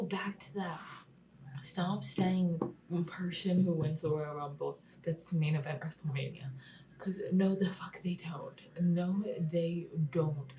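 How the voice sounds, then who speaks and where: Young woman rambling casually, lots of likes and whispery bits, lowish voice, mic kinda far. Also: a little mellow. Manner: chatty, frequent "like", drops into whispers, swears. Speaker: wrestling vlogger. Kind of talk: casual recap vlog.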